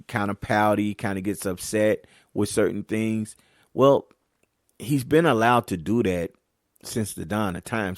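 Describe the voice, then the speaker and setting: Gravelly low-voiced man coaching on a podcast. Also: dry recording, clean studio sound. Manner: candid, storytelling, animated when riled up; slips into casual Southern-leaning American speech (y'all, ain't). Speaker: podcast host and youth basketball coach. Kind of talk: casual podcast monologue.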